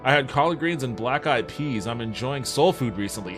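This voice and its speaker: A man riffs casually with his viewers on a livestream, reading their messages aloud and answering them. His talk is loose and sprinkled with swearing. Faint music sits softly in the background. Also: mid-range voice, lively intonation, a little fast. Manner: laid-back and profane, reads chat aloud and answers it.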